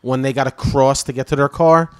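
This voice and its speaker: A man's voice: mid-range voice, steady tone, a little fast, smooth. A man co-hosting a podcast in casual chat, mostly chiming in with short agreements. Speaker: podcast co-host.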